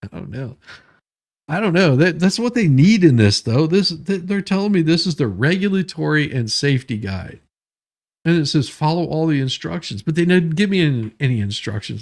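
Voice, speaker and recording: Gravelly guy rambling through the news. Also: a little high, big pitch swings, normal speed, a little mellow. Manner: rambling, joking, self-interrupting. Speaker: host. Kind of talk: casual news commentary.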